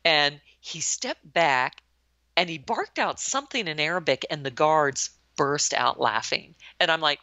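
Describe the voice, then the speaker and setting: A woman's voice: low-pitched, unhurried, no room sound. A woman in her sixties, a retired army colonel from the United States, telling anecdotes in an interview and acting out the quoted lines. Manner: lively storyteller who acts out quoted lines. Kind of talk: anecdotal storytelling in a podcast interview. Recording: dull lo-fi, dry sound.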